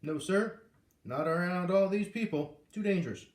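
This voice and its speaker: A man reading aloud, voicing a calm police officer who speaks in a level, matter-of-fact way, in a roomy recording. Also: high-pitched, normal speed, pitched above the performer's own voice, close to an everyday voice. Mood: firm. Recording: roomy echo.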